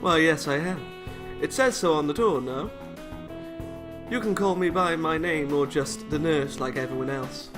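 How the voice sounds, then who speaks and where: A man's voice: a little high, moderate pace, music in the background, close to an everyday voice. A man voicing a friendly, cheerful young male school nurse in a read-aloud visual novel, with an upbeat, slightly sly delivery. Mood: amused.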